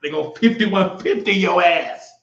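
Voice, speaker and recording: Hosting a live stream, a man with a high voice and vocal fry speaks at a normal speed. He's casual and blunt, telling stories and making fun of viewers. The audio is echoey and a little dull.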